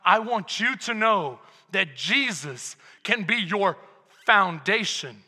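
A man preaching a sermon as pastor, telling a family story with shouted exclamations and quiet, reflective passages. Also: high voice, lively intonation, slow pace, breathy edge. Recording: long church-hall reverb.

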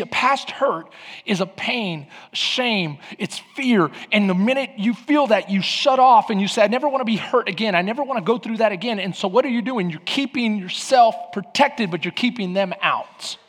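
A man preaching a sermon as pastor, animated, swinging from loud emphatic bursts to low quiet passages. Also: moderate pace, husky. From Latin American heritage. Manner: animated, rises to near shouts then drops low. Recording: hall reverb.

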